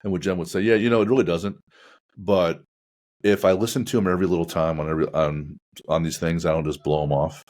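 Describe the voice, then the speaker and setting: Very deep-voiced male podcast host. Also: flat delivery, a little mellow. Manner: measured, reflective, asks long rambling questions. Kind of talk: casual interview chat.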